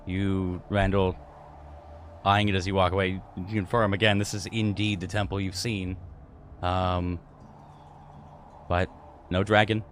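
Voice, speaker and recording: A man narrating a tabletop game as game master in a relaxed way, with frequent fillers. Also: low-pitched, measured pace, long pauses, a little hiss or hum.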